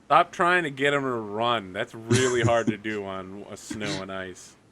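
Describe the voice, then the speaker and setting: A man's voice: lowish voice, a little slow, sharp tone. A man running a tabletop game as game master, explaining rules in a casual, wry way.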